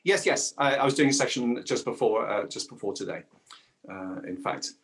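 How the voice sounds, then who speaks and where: A middle-aged man, a dialect coach and voice actor, chatting lively as a guest. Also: mid-range voice, moderate pace. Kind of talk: casual conversation.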